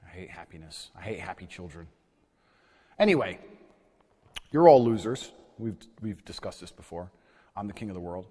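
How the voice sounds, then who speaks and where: A man boasting in a sneering, mock-villainous way, his voice pitched far down by an edit. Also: brisk, warm tone.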